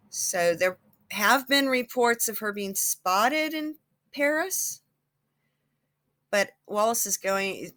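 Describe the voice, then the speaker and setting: A woman's voice: mid-range voice, expressive, slow, fairly bright tone. A woman who hosts her own psychic channel, chatting casually in a rambling way with many fillers and restarts. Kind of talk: casual chat.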